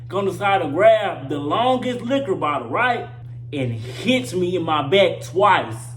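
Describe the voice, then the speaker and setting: Young male vlogger, loose profane storytelling, repeats himself for punch, slightly high voice, roomy echo. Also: big pitch swings, measured pace. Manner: profane, slangy, repeats lines for emphasis. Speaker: vlogger telling a personal story. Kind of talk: casual storytime monologue. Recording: roomy echo with faint hum.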